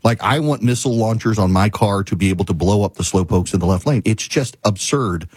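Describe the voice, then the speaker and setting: A man's voice: lowish voice, a little fast, darkish tone, husky, dry recording. A man hosting a talk show, telling a story in a casual, exasperated rant and repeating his points for emphasis. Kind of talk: casual monologue, ranting storytelling.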